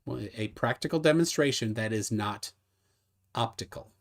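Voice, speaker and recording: A man hosting a livestream debate in casual chat, reading out viewer comments and asking his guest questions with a bantering, teasing manner. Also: medium pitch. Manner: bantering, questioning, quick laughs.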